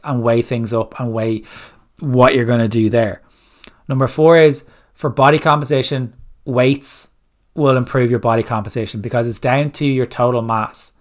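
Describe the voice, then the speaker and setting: A man's voice: mid-range voice, fairly even intonation, moderate pace. A man hosting a solo coaching podcast, giving blunt, direct fat-loss advice and firing off rhetorical questions. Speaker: fitness coach, podcast host.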